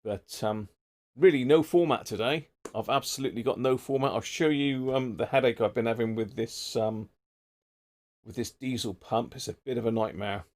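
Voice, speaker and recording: A man's voice: medium pitch, moderate pace, a little mellow. A middle-aged man chatting casually on his live stream, rambling between topics and greeting viewers by name. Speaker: livestream host. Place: home workshop.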